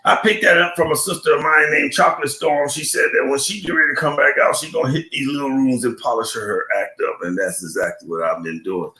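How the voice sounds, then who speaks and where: An older man hosting a live stream, chatting in slang, telling a comic story and giving shout-outs to his viewers. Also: medium pitch, brisk, hardly any pauses, reverberant. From Buffalo, New York.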